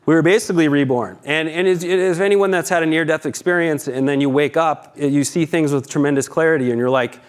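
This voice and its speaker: Candid, swearing founder from on stage. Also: male voice, fairly high pitch, fairly quick, few pauses, clean tone. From Boston, USA. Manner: candid, profane, dramatic storytelling with acted quotes. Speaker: keynote speaker, company founder. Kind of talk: conference keynote storytelling. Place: conference stage.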